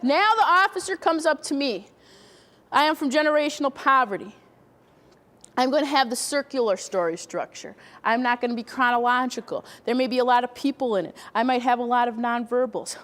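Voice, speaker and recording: A woman leads a training session, walking through her points step by step and putting questions to the audience. Her voice sits high for a woman. The long reverb of a hall hangs behind her. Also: a little fast, a bit bright. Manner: explains step by step, asks the room questions. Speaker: workshop presenter. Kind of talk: training talk.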